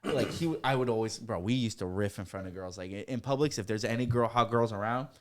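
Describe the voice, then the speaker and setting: A man in a casual podcast chat, telling profane, animated stories full of acted-out quotes. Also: lowish voice, fast talker.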